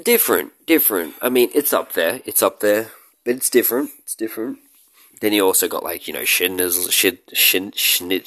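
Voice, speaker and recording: Recorded with no room sound, a man with a low-pitched voice chats to his viewers about movies he enjoys. It's a vlogger's rambling, joking talk to camera, full of loud outbursts and laughs.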